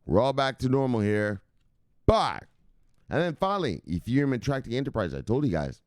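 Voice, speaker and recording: A man's voice: mid-range voice, sing-song, quick pace, darkish tone, no room sound, studio quality. A man hosting a crypto news livestream in a loose, rambling way, swearing freely and barking out catchphrase sign-offs. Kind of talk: casual livestream chat.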